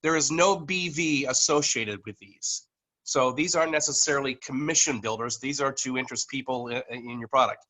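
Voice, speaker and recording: A man presenting to his team on a video call, halting, with many fillers and restarts, coughing now and then from allergies. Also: medium pitch, bright, forceful tone, poor audio. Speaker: network marketing leader presenting to a team. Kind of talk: online business meeting presentation. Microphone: computer microphone on a video call.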